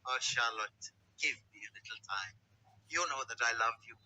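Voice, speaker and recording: A nervous aristocratic husband. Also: male voice, mid-range voice, moderate pace, bright, forceful tone, dry recording, low-quality recording. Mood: placating. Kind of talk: vintage TV drama acting.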